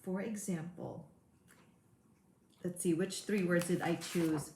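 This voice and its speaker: A woman's voice: lowish voice, steady tone, slow, a little mellow, echoey room, slight background noise. A woman coach giving a motivational webinar, earnest and repeating key words for emphasis. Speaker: high performance coach. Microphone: webinar mic.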